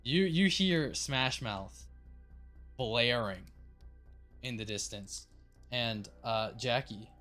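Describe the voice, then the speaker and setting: The voice is a man of middle pitch acting as game master for a sci-fi horror tabletop game. He narrates in a loose, rambling way, full of "um" and "like," with an offhand curse now and then. Faint music plays underneath. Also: takes it slowly, long pauses, fairly bright tone. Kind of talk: running a tabletop game over voice chat.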